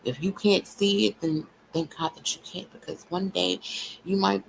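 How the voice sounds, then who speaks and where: A woman's voice: medium pitch, fairly even intonation, moderate pace, gravelly, slight background noise, rough recording. A woman hosting a livestream, ranting bluntly and profanely at her viewers in a taunting, repetitive cadence. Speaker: livestream host.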